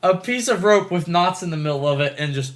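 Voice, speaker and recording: A young man co-hosting a podcast, telling stories in an excitable, animated way and swearing freely. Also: high voice, brisk. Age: young adult. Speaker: podcast co-host. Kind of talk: casual chat.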